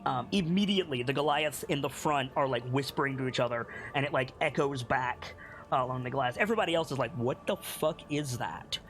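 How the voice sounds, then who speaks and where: A man's voice: mid-range voice, fast talker, fairly bright tone. A man narrating a tabletop game as game master, talking casually with many fillers.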